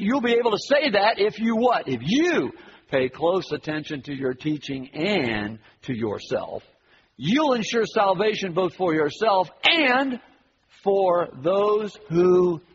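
Male pastor, sermon, emphatic then hushed, slightly high voice, long church reverb. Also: dull audio, a little hiss or hum. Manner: emphatic preaching, swings from loud to hushed. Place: church sanctuary.

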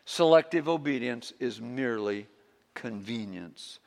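Male pastor preaching, gravelly voice, kinda high, echo hanging in the sanctuary. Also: lively intonation, measured pace. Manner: impassioned, swings from hushed prayer to loud exhortation. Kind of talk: sermon. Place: church sanctuary.

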